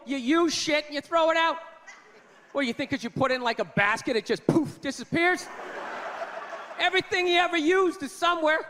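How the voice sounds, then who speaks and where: A man's voice: very high voice, bright, forceful tone, long reverb tail, a little hiss or hum. A man doing a stand-up routine, ranting in disbelief at everyday habits. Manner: ranting, incredulous. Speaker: stand-up comedian.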